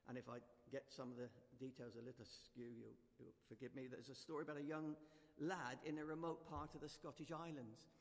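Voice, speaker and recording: A man preaching a gentle, conversational sermon in a church, leading the congregation to join in. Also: mid-range voice, fairly even intonation, fairly quick, gravelly. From United Kingdom. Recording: reverberant church hall.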